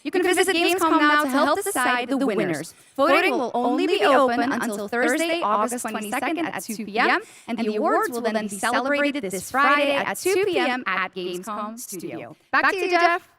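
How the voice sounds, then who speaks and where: A female co-host with a high voice. She reads announcements in an upbeat presenter's manner. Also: expressive, normal speed, a bit bright. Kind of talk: live event hosting.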